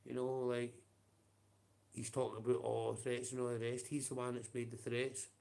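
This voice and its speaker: A man's voice: mid-range voice, flat delivery, normal speed, gravelly, a little mellow. A man with a Scottish accent ranting on a livestream, profane and confrontational, with blunt taunts.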